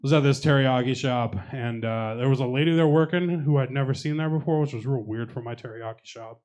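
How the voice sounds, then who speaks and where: A young man on stage at a comedy showcase runs through a crude, self-mocking set, riffing on the live crowd between stories. He talks fairly quickly in a medium-pitched, darkish voice.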